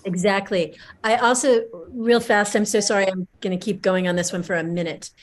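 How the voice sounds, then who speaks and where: A woman coaching on customer service, calm and measured, repeating her key points. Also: mid-range voice, poor audio. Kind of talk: coaching advice.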